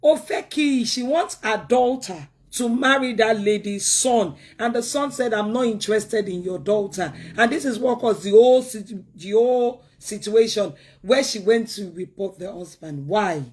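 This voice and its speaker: A woman's voice: on the high side, moderate pace, few pauses, darkish tone, breathy edge. A woman speaks in earnest talk-show commentary. She pleads and preaches, leaning on repeated words to drive each point home. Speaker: commentator giving advice.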